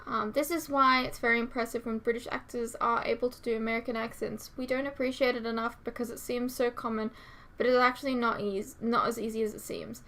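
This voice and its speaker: A woman's voice: a little high, steady tone, brisk, a bit bright. A young woman hosting a reaction channel, chatting casually with many fillers and reading out viewer comments.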